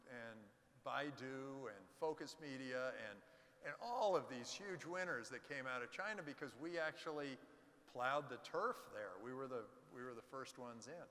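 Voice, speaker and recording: Man, bright voice, lively anecdotes, stage chat in a reverberant hall. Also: mid-range voice, moderate pace. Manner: animated anecdotes with acted-out quotes. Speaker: venture capitalist guest. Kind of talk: onstage fireside chat, storytelling. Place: conference stage.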